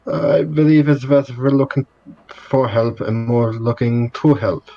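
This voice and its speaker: A man's voice: mid-range voice, little pitch movement, a little slow, vocal fry, muffled recording. A man playing a tabletop game, speaking politely and formally in character. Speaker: player. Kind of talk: tabletop game role-play.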